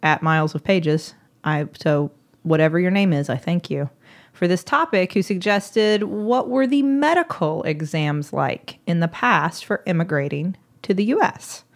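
Woman doctor co-host, low-voiced, relaxed and teasing. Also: measured pace. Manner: hesitant, explanatory, teasing. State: recovering voice after illness. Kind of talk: casual chat.

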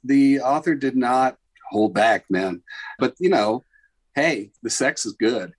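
A man playing as a contestant on a trivia podcast, talking in a relaxed, joking way. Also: medium pitch, slow. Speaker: quiz contestant. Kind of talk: casual chat.

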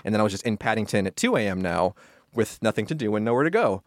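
A man's voice: fairly low pitch, sing-song, fast, dry recording, clean studio sound. A man in his thirties, a podcast guest and attorney, telling stories casually, rambling and correcting himself with a laugh. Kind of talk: casual storytelling in conversation.

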